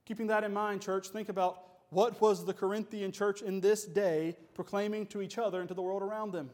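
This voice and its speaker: A man's voice: high voice, fairly even intonation, a little fast, darkish tone. A man preaching a sermon as pastor, emphatic and full of rhetorical questions.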